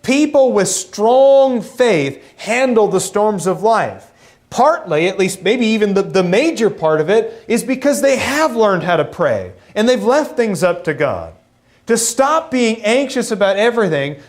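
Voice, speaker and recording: A male preacher delivering a sermon in a church. His voice sits high for a man and swings widely in pitch. He acts out the voices in the passages he quotes. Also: big pitch swings, a little slow. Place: church sanctuary.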